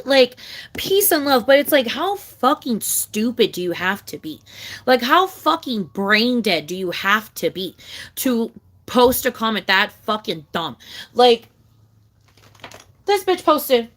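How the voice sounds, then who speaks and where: A young woman vlogger ranting casually to camera, swearing a lot and rambling, with big jumps in pitch and loudness. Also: big pitch swings, measured pace.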